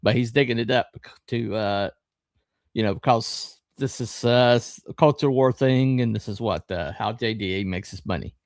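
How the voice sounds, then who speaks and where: A middle-aged man hosting a podcast, talking in a rambling, halting way with lots of fillers and a wry, sarcastic edge. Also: mid-range voice, a little mellow, no echo, clean studio sound. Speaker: podcast host. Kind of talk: casual live-stream commentary.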